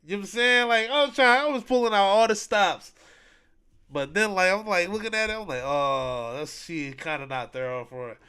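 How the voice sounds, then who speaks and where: A man's voice: sits high, moderate pace, clear, resonant tone. A man hosting a podcast, retelling events in casual chat, full of slang and acting out what people said. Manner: animated storytelling, acting out quotes, heavy slang. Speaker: podcast host.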